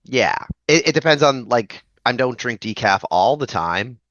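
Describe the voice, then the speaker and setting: A man's voice: medium pitch, expressive, moderate pace, fairly bright tone, no echo, lo-fi sound. A man with a Prince Edward Island accent chatting as a podcast guest, easygoing and hesitant, with lots of "like". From Prince Edward Island, Canada. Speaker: guest musician. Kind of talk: casual chat.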